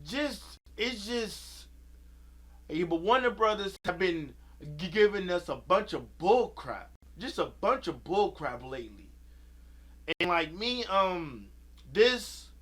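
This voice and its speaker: A video creator rants angrily about a movie, heated and profane, repeating himself as he vents. His voice is on the high side with a fairly bright tone.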